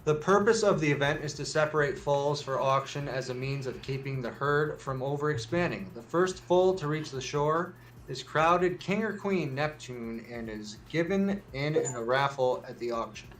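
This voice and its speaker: A man reads odd news items on a relaxed show, restarting when he trips over words. His voice sits a bit high. A faint room ambience hangs in the background. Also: normal speed, slight background noise. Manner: reads articles, stumbles and restarts, jokey asides. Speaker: news segment reader. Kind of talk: casual news read on a podcast.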